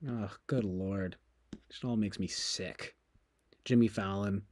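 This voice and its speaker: A man's voice: lowish voice, fairly even intonation, slow pace, darkish tone, no room sound. A man streaming, talking casually in a sarcastic, mocking and rambling way.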